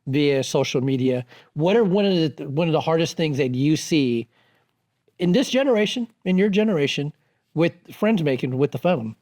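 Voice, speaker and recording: A man's voice: a little high, animated, moderate pace, darkish tone. Easygoing middle-aged man hosting a podcast. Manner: easygoing, chatty interviewer. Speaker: podcast co-host. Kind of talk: casual chat.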